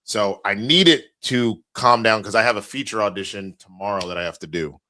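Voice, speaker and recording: A man's voice: lowish voice, fairly quick, bright, forceful tone. A man co-hosting a casual livestream, chatty and restarting his sentences as he reads donations aloud. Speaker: podcast co-host.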